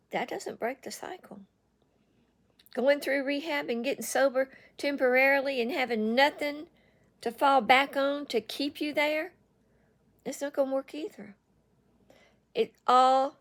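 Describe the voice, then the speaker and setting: A woman with a slightly high voice gives an earnest talk straight to the listener. She circles back and repeats phrases to drive her point home. Her delivery stays direct and personal. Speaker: online speaker on addiction recovery.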